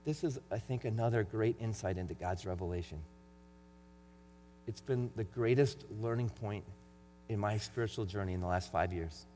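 A middle-aged pastor with a warm, lowish voice preaches at a normal speed, earnest and conversational. He reads scripture with added emphasis, and the recording has long hall reverb and a faint mains hum.

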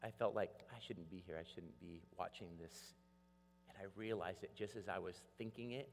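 Pastor guy preaching, animated storyteller, big echoey church hall sound. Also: deep voice, normal speed, gravelly, slight background noise. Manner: animated storytelling, acts out voices. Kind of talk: sermon. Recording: long hall reverb.

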